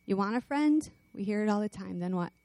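A woman's voice: medium pitch, brisk, no echo. A woman preaching a sermon, telling stories with energy and rallying her listeners before closing in prayer. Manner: animated storytelling, rallying calls.

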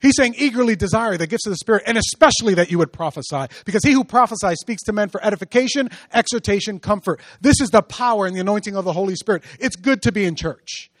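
A male pastor preaching a sermon, moving from hushed storytelling to loud, rising exhortation. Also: sits high, expressive, quick pace, few pauses, dry recording.

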